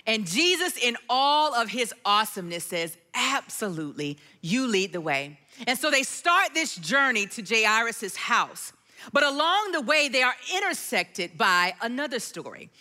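Lively, bright-voiced woman preacher. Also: on the high side, moderate pace. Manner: storytelling, animated, acts out quotes. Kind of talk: sermon with personal story.

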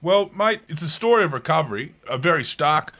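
A man hosting a podcast interview, easygoing and laughing along, with halting fillers. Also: fairly high pitch, expressive, pushed and bright, a little hiss or hum. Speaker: podcast host. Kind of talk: casual interview chat.

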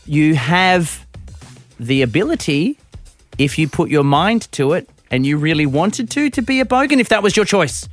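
A man hosting a radio show, his voice bouncing up and down as he jokes and tosses in quick asides. He chats casually with his co-host, with a little music under him. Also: a little high, big pitch swings. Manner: playful, joking, quick asides.

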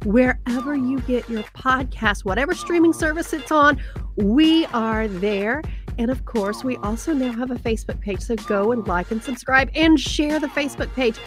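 A woman co-hosting a podcast in casual chat, animated, acting out quotes and laughing often. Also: a little high, moderate pace, faint music behind. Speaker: podcast co-host.

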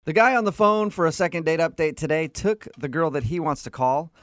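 A man hosting a radio show, bantering with a caller in quick, joking patter. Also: a little high, a bit bright, dry recording.

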